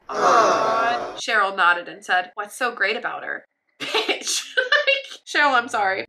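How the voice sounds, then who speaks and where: A woman's voice: mid-range voice, pushed and bright. A woman reading her old fanfiction aloud, breaking off for sarcastic, joking asides. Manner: sarcastic running commentary, laughing at her own writing.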